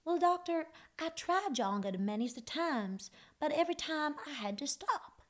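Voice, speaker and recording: A woman's voice: high voice, lively intonation, normal speed, voice pushed up. A woman doing an impression of a famous country singer woman, folksy and joking, with a sweet drawling delivery.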